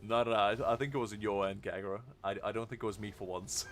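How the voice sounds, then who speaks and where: A man's voice: on the low side, fairly even intonation, fast talker, soft background music. A young man live-streaming a game, chatting casually, laughing often and answering his chat.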